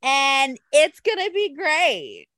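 A woman's voice: high-pitched, slow. Chatty woman gushing about wrestling. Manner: animated, gushing storyteller. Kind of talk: casual chat.

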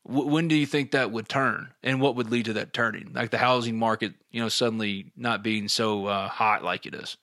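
A man's voice: mid-range voice, fairly even intonation, normal speed, hardly any pauses, pushed and bright. A middle-aged man hosting a podcast, chatting casually and reading listener questions aloud.

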